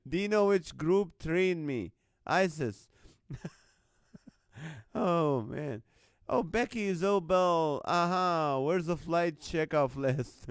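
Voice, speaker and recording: A man's voice: on the high side, takes it slowly, clean tone, dry recording, clean studio sound. A man hosting a live stream, reading out viewers' jokes and laughing often between lines. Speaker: host.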